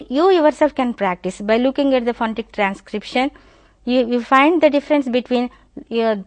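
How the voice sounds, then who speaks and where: A woman's voice: on the high side, no room sound. A woman teaching pronunciation, repeating each word several times and explaining to her students. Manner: slow drilling repetition of words; addresses students directly, explanatory. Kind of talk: classroom pronunciation lesson.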